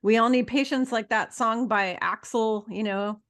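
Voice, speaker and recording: A woman's voice: fairly high pitch, unhurried, a bit bright. A middle-aged woman hosting a casual interview show, talking emphatically and bluntly, swearing freely as she lectures her listeners. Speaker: podcast host.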